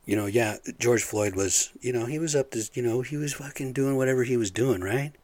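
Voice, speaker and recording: A man's voice: medium pitch, brisk, a little mellow, no room sound. A middle-aged man ranting casually, angry and profane, rambling with lots of fillers. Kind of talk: casual rant.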